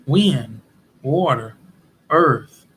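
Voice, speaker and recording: A man vlogging in casual commentary, telling stories in an animated way and acting out quotes as he goes. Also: medium pitch, extremely slow, husky. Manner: animated storytelling with acted-out quotes.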